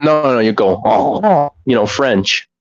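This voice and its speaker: A young man co-hosting a casual podcast, joking around with deadpan, rambling humor. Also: on the low side, moderate pace, no room sound, highs cut off. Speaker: podcast co-host. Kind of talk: casual chat.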